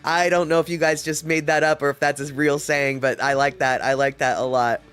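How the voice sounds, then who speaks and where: A man's voice: on the high side, little pitch movement, a little fast, fairly bright tone, smooth, soft background music. Chatty laughing livestream host, man. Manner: chatty and laughing often, reads comments aloud. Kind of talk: casual livestream chat reading viewer comments.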